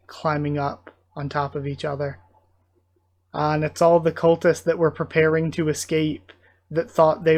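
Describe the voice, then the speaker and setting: Young man, slightly high voice, casual manga readthrough, narrates panels, emotional reactions. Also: a little mellow. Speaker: channel host reading a manga aloud.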